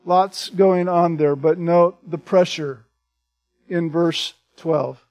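High-voiced man preaching an expository sermon. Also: slow, a little mellow. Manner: reads scripture aloud, then explains it plainly. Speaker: pastor.

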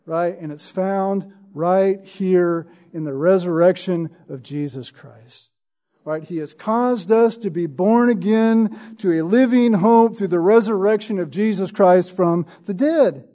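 A man's voice: sits high, unhurried, warm tone. A man preaching a sermon in an emphatic way, reading scripture and often asking "right?". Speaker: pastor.

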